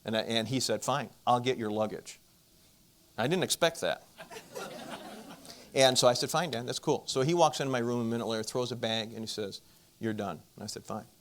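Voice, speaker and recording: A middle-aged man telling a personal story to an audience, animated and acting out the voices of the people in it. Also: mid-range voice, a little fast, pauses often, slight background noise. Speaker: marriage conference speaker.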